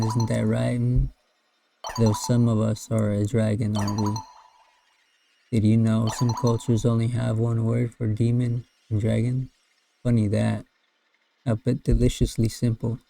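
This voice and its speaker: A man's voice: mid-range voice, little pitch movement, moderate pace, gravelly, noisy background, natural voice. A man reading out a chat log as a sinister, possessive male entity who speaks of himself as "we", in a teasing, menacing way.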